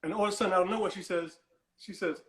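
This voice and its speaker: A man's voice: high-pitched, steady tone, rapid-fire, a bit bright, echoey room, rough recording. A man calling in to a talk show, telling a long story in a rambling way, repeating and restarting his words and brushing things off. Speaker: caller. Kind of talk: animated storytelling on a call-in show.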